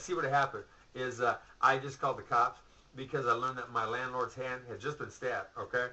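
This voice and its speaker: Profane ranting man, bright tense voice. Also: mid-range voice, fairly even intonation, normal speed, lo-fi sound. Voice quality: rambling, profane, storytelling with laughs and asides. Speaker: vlogger.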